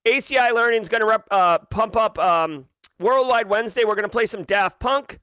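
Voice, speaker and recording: A man hosting a live show, talking with high energy and rapidly shouting out viewers. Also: clean tone, no echo. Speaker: livestream host. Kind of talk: hyped-up live show chat. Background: hip hop music.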